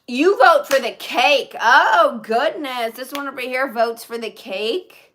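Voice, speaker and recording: A woman hosts a live stream, answering her viewers' comments in easy, chatty talk. Her voice is bright and sits a touch high. She takes her time and speaks at an unhurried pace. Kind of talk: casual live-stream chat.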